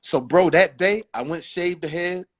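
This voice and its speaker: A man as a guest on a livestream chat, telling animated stories and acting out the people in them. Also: high-pitched, normal speed. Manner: animated storyteller, acts out others. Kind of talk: casual storytelling chat on a livestream.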